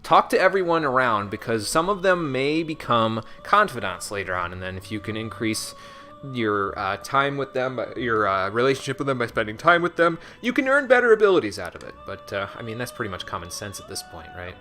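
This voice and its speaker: Man, game streamer, casual sarcastic commentary, bright tone, lively pitch. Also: a little fast. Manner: sarcastic, joking back at game characters. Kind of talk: casual let's-play commentary. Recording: voice over game music.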